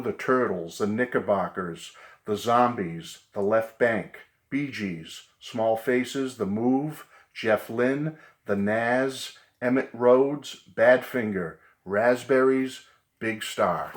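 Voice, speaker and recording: A man's voice: medium pitch, slow pace. A man with a Boston accent hosting a casual video lesson, chatty and fond of repeating himself. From New England. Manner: chatty, repeats "okay" and "great book". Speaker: video host.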